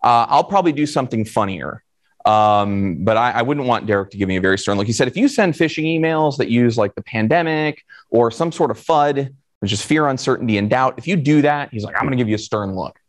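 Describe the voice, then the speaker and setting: A man's voice: medium pitch, lively intonation, fairly quick. A man from Florida giving a conference talk in a conversational way, asking the audience questions. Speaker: conference speaker.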